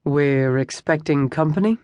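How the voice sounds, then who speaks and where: An audiobook narrator voicing a rough older man, a former lawman turned hired thug, wry and sardonic. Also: medium pitch, unhurried, a little mellow, dry recording, close to an everyday voice. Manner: sardonic, dry wit.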